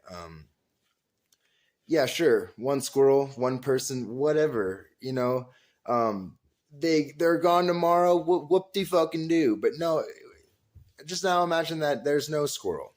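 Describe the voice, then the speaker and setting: A man talking straight to camera in a loose storytelling monologue. He swears freely and leans hard on words, swinging from loud, high bursts to quiet asides. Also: expressive, measured pace. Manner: emphatic and profane, with big swings in pitch and loudness. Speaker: vlog host.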